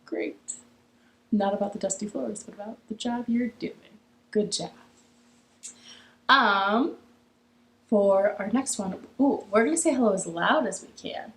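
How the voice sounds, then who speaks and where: A woman's voice: mid-range voice, unhurried, long pauses, roomy sound, a little hiss or hum, low-quality recording. A young woman hosting a children's library storytime from her living room, cheerful and encouraging, leading songs and games. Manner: cheerful, encouraging, sing-song.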